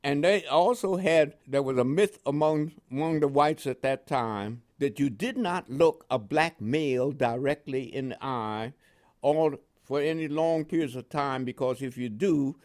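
An older Panamanian man whose New York accent carries West Indian tones shares his veteran's memories in an oral history interview. He's a lively storyteller who laughs often and acts out dialogue, speaking in a mid-range voice.

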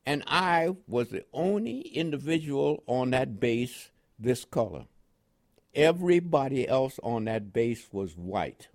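Animated older man telling a story. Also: medium pitch, slow, creaky. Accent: New York with West Indian inflections. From Panama. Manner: animated storyteller with laughs and quoted dialogue. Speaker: interviewee, veteran. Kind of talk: oral history storytelling.

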